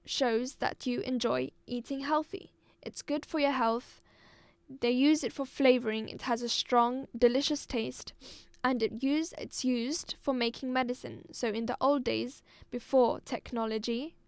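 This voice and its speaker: In a smooth, dry, close recording with no surrounding room, an Algerian woman with a high voice unhurriedly reviews English for an exam. She carefully says each word more than once and spells it aloud for the class.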